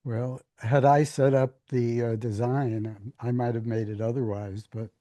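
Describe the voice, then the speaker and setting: An older man with a dark, mellow voice answers thoughtfully as a spiritual teacher. He speaks slowly and haltingly, repeating words as he searches, with a touch of dry humor. The sound is close and completely dry. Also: medium pitch, level tone, no echo. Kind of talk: reflective conversational answers.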